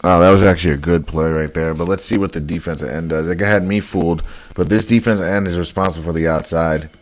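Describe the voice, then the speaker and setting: Low voice dude ranting over game film, blunt, keeps repeating himself, bit of music behind. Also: male voice, fairly even intonation, fast talker. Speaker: football film analyst. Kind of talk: casual highlight breakdown commentary.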